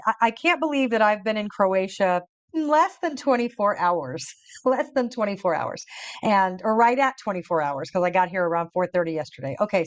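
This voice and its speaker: Woman host, casual storytelling, laughing, repeats words, mid pitch, dry close sound. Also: no room sound. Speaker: show host.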